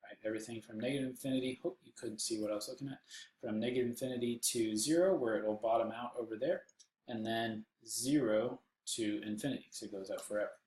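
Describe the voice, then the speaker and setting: A man's voice: mid-range voice, fast talker, a little mellow, reverberant, a little hiss or hum, low-quality recording. A man with a Texan accent teaching a recorded math lesson while seated, with playful jokes and silly voices on the side. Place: indoors, seated.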